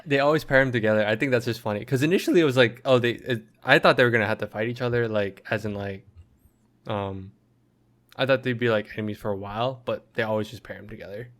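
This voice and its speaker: A man's voice: mid-range voice, fast, fairly bright tone. A man co-hosting a casual podcast, talking in a loose, rambling way full of fillers. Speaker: podcast co-host. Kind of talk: casual chat.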